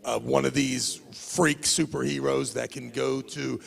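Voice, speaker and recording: A man giving his view on an upcoming arm-wrestling match at a press conference, in measured and emphatic verdicts. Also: mid-range voice, steady tone, vocal fry, slightly rough. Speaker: invited analyst at a press conference. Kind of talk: spoken match analysis. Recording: reverberant hall.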